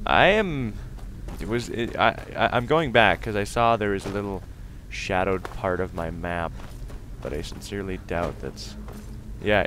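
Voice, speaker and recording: A young man giving casual let's-play commentary, excitable and silly, breaking into sudden loud outbursts and laughs. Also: on the low side, background noise. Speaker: gaming video host.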